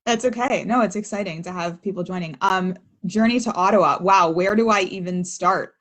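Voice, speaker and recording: A woman's voice: mid-range voice, fairly quick, fairly bright tone. A woman in her thirties, a former child actor, chatting on a video call in a reflective way and laughing often. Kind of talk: casual video-call chat.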